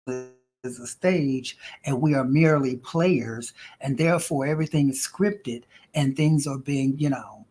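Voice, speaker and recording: A woman's voice: very deep voice, measured pace, mellow. A woman hosting a casual livestream as an intuitive reader, chatty and playful, calling viewers honey and girl.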